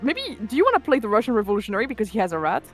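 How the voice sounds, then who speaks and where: A woman's voice: a little high, huge pitch swings, racing, faint music behind. A woman handing out roles and chatting with friends during a game session, teasing and talkative. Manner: chatty, teasing, hesitant with fillers. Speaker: game organizer. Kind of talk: casual game-night chat.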